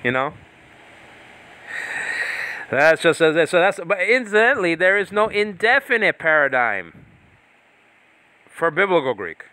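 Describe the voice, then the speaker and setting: A man's voice: high voice, sing-song, a little slow, long pauses, sharp tone, smooth, no room sound. A man teaching Bible Greek in a loose, rambling way, breaking off into tangents and laughing. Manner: rambling, self-interrupting, laughs often. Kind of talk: casual teaching talk with tangents.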